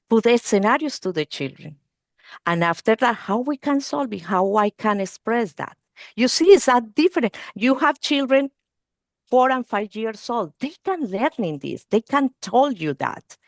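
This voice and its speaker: A woman's voice: on the high side, no room sound, clean studio sound. A woman presenting a training webinar for early-learning teachers over a video call, speaking non-native English and often checking in with "okay?" and "you see".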